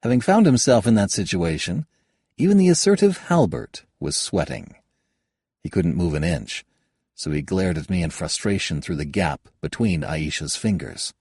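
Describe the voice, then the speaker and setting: A man narrating an audiobook in the first person, telling the story calmly. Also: sits low, normal speed, slightly rough, no room sound, clean studio sound. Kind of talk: scripted narration.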